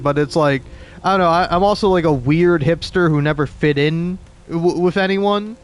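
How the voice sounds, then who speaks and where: A man's voice: a little high, moderate pace, soft background music. A young man in his twenties with an East Coast American accent, rambling and cursing through casual gameplay commentary full of restarts. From southeastern United States. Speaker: let's play host.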